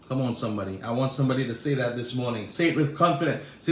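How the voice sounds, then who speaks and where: A man's voice: mid-range voice, expressive, very fast, hardly any pauses, slight background noise. A man preaching a sermon as pastor, building with repeated rhetorical questions and calling on the congregation to respond. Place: church sanctuary. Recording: echoey church room.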